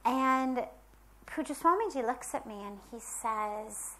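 A woman speaks earnestly in a spiritual talk, leaning hard on key words and pausing between phrases. Her voice sits a little high for a woman. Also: fairly bright tone. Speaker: spiritual teacher.

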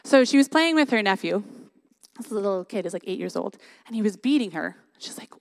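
A woman's voice: medium pitch, expressive, brisk. A young woman giving a sermon in an earnest, conversational way, often adding "like" and "right?". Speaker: worship leader giving a church talk.

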